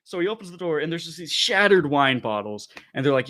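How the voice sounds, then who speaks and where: A man co-hosting a casual podcast, retelling a story in an animated way with loose asides. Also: fairly high pitch, fairly quick. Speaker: podcast co-host reviewing comics.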